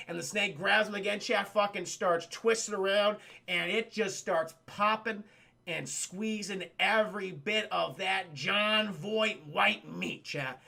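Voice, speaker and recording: A man streaming a profane film recap to his chat, animated and acting out characters in goofy voices. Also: high voice, measured pace, vocal fry.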